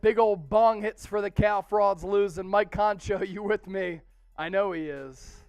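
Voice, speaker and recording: A man's voice: high voice, clean tone, no room sound. A man hosting a live-stream football watch party, hyped and calling out viewers' names and super chats. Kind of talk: excited live-stream sports chat.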